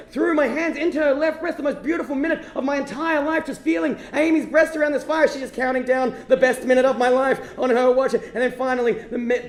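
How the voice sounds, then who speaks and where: An Australian man telling a comic true-life story on stage before an audience, animated and self-mocking, dropping to hushed asides. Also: very high voice, reverberant. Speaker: stand-up comedian. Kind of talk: storytelling stand-up comedy.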